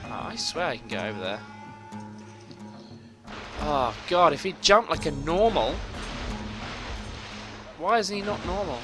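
A man giving profane, excitable gameplay commentary, talking to himself as he plays, with game music behind. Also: a little high, a little slow, pauses often. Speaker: gamer playing a video game.

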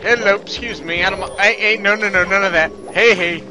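A man's voice: sits high, fairly quick. A man hosting a let's play, giving casual, chatty commentary as he plays, amused with himself and thinking aloud, with game music behind. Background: video game music.

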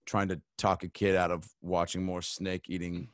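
Deep-voiced man riffing comedy, profane. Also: little pitch movement, moderate pace, no room sound, studio quality. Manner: rambling comic riffs, frequent swearing and fillers. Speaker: comedian guest. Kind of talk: casual podcast chat.

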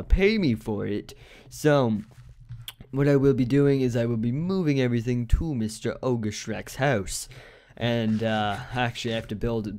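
A man's voice: medium pitch, a little mellow. A man giving casual game commentary, rambling with many fillers and restarts. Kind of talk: casual let's-play commentary.

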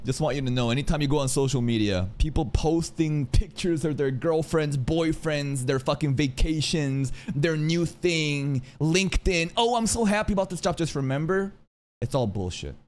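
A man streaming a casual anime reaction, animated and swearing freely, dropping into low asides between excited outbursts.

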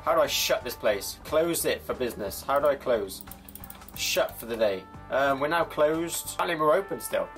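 A man's voice: mid-range voice, animated, normal speed, a bit bright, soft background music. Chatty man playing shopkeeper. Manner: chatty, banters with game customers, mock shopkeeper voice. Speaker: gaming YouTuber. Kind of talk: comedic gameplay commentary.

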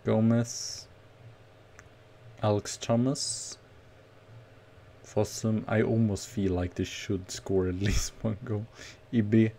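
Male streamer, unhurried gravelly delivery, nervous play-by-play of a football game. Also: fairly low pitch. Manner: nervous, excitable play-by-play with outbursts. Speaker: gaming streamer. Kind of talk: casual game commentary.

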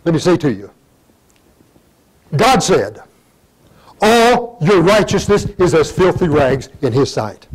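An older man giving a sermon, reading scripture in old-fashioned wording and breaking into sudden loud emphatic rises. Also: on the high side, very animated, takes it slowly, long pauses, breathy edge, rough recording. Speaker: pastor.

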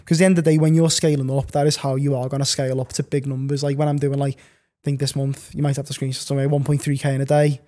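A man's voice: medium pitch, little pitch movement, fast talker, few pauses, warm tone. A young man chatting as a podcast guest, telling long stories full of fillers and restarts. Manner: rambling, filler-heavy storytelling. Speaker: podcast guest, online reseller. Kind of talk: casual podcast chat.

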